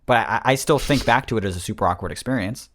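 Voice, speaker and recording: A man with a somewhat low voice, talking loosely and crudely in a relaxed podcast chat. He rambles, jokes and restarts his sentences. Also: quick pace. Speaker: podcast co-host. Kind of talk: casual chat.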